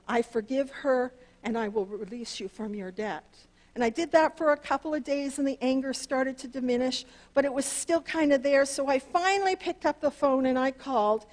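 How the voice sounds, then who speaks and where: A woman pastor, preaching earnestly through a personal story, her voice leaping up on key words. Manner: earnest and animated, pitch leaps up on emphasis. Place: church sanctuary.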